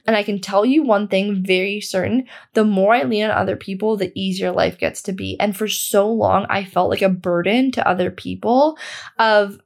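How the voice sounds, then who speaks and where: A woman's voice: medium pitch, normal speed, vocal fry. A young woman hosting a self-help podcast. She talks casually and candidly, swears freely and says "like" constantly. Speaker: podcast host.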